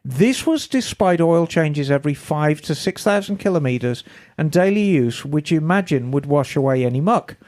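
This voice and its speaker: Chatty podcast host, lively voice. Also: female voice, deep voice, normal speed. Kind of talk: casual chat, reading listener email.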